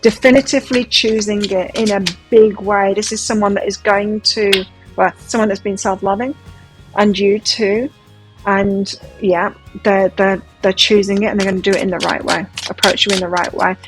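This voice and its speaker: A woman's voice: medium pitch, fairly even intonation, moderate pace, rough recording. A woman giving a pick-a-card tarot reading in a gushing, emotive, chatty way. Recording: faint music behind. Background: soft background music.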